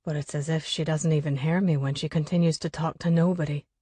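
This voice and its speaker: A woman's voice: low voice, steady tone, fairly quick, warm tone, slightly rough, no room sound. A woman narrating a first-person audiobook chapter with an urgent, coarse inner voice.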